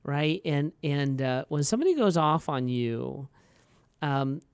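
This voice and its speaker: A man's voice: lively intonation, measured pace, a little mellow, smooth, no room sound. A man, a pastor co-hosting a podcast, chatting casually and acting out quotes from his stories. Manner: storytelling, acts out quotes in a higher voice.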